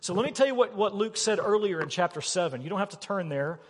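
A man preaching a sermon as pastor, animated and emphatic, asking his listeners questions. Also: sits high, fast. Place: church sanctuary. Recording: long reverb of a church hall.

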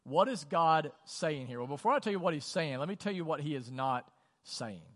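A man's voice: a little high, lively intonation, normal speed, fairly bright tone. A male pastor delivering a sermon in a conversational style, often saying "like" and putting questions to the congregation. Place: church auditorium. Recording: long church hall reverb.

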